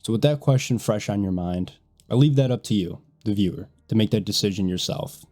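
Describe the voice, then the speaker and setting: A man's voice: fairly low pitch, a little fast, darkish tone. A man hosting a casual history video, nasal and congested from a sinus infection, talking bluntly and swearing now and then.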